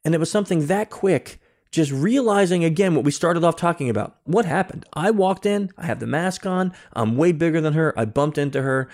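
Animated storytelling man, guest. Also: fairly high pitch, a little fast. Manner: animated, acts out anecdotes and explains step by step. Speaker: guest, security consultant and author. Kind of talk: casual interview storytelling.

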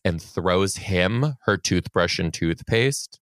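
A young former teacher co-hosting a podcast animatedly retells a story from his teaching days, swearing and getting worked up in casual storytelling chat. His voice is low and animated but slow, captured in clean studio sound with no echo.

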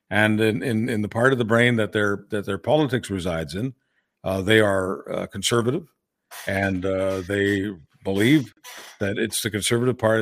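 A man co-hosting a political podcast, opinionated and emphatic, often restarting his sentences. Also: on the low side. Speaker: podcast co-host. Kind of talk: casual political chat.

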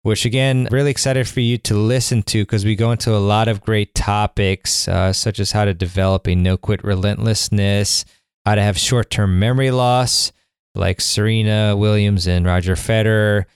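A man's voice: lowish voice, fairly even intonation, normal speed, smooth, no echo, studio quality. A man hosting a podcast, talking in a rambling, enthusiastic way with lots of fillers and restarts. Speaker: podcast host. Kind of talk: casual conversational intro and interview.

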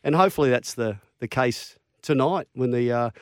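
A middle-aged Australian man, a former rugby league player, telling lively stories in casual chat and acting out the quotes. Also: moderate pace, dry recording, studio quality. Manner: animated yarn-spinner, acts out quotes with big pitch jumps.

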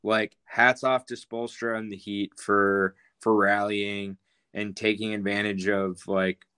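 A man co-hosting a sports podcast, talking in a halting way with many fillers. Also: on the low side, level tone, sharp tone, clear, resonant tone. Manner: hesitant, full of fillers. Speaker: podcast co-host. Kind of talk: sports talk chat.

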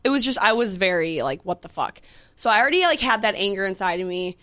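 A woman's voice: medium pitch, very animated, fast talker, a bit bright. A young woman in her twenties co-hosting a podcast, telling a story in casual chat with lots of fillers and quoted back-and-forth. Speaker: podcast co-host.

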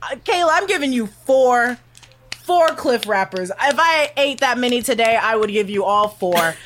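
A woman hosting a casual podcast chat, excitable and laughing often as she talks. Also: a little high, moderate pace, slight background noise. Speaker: podcast host.

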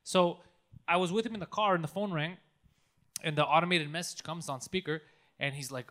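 A man's voice: on the high side, a little fast. A man chatting casually and telling a story, acting out the voices with lots of laughter. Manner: animated storyteller, acts out voices, laughs often.

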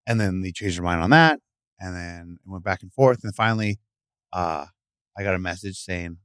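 Middle-aged male guest, low voice, animated storyteller, dry studio sound. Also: normal speed, clean tone, no echo. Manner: animated, acts out voices in stories. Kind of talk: casual interview storytelling. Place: podcast studio.

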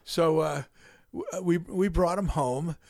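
An older man, a guest on a podcast, telling a long story in an unhurried way with many pauses and some dry humor. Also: a little high, vocal fry, darkish tone, no room sound. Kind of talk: casual storytelling in a podcast conversation.

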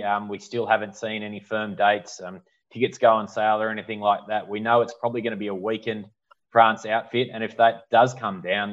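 A man's voice: on the low side, dull audio. A man hosting a sports talk show, putting conversational questions to his panelists by name. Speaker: host.

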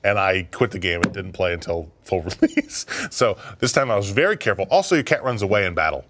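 A man's voice: low voice, fairly quick. A young man co-hosting a gaming podcast, swearing often and laughing as he tells game stories. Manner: swearing, laughing, animated storytelling. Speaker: podcast co-host. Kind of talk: casual chat.

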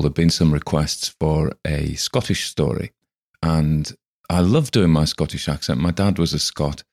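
A man's voice: very deep voice, a little mellow. A man hosting a story podcast, talking casually in a chatty, digressive way. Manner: chatty, digressive, self-deprecating. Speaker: podcast host and reader. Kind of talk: casual chat.

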